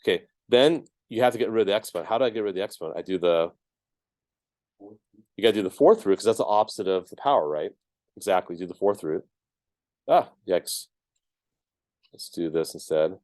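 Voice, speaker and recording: A man's voice: sits low, animated, fairly quick, pauses often, a little mellow, no echo. A man teaching a math class, explaining each step casually with lots of ums and checks of "right?". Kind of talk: classroom lecture.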